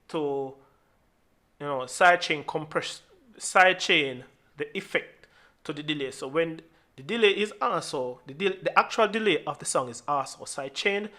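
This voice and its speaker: A man who produces music, explaining his mixing steps in a relaxed tutorial and often restarting and repeating words as he goes. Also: on the high side. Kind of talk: screen-recorded tutorial walkthrough.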